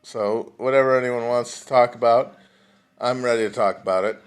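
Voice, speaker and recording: A man's voice: medium pitch, steady tone, moderate pace, smooth, faint music behind. Rambling, profane man breathing heavily. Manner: rambling, profane and self-deprecating. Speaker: podcast host. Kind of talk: casual solo livestream chat. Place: at home, alone. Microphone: phone livestream mic.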